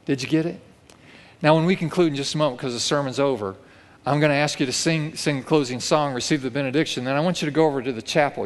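Man preaching in a reverberant church hall. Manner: vivid storytelling, acts out quoted lines with rising pitch. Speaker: pastor. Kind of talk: sermon.

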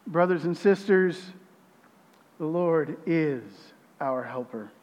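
A man preaching a sermon as pastor, reading scripture with emphasis, his voice swelling loud and then dropping quiet. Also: on the high side, expressive, takes it slowly, long reverb tail, highs cut off.

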